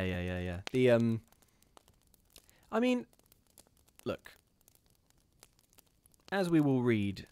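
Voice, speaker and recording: Giggly man reading stories live. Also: on the low side. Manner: giggly, rambling, animated. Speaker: host reading ghost stories and chat. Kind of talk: casual live-stream chat and reading aloud.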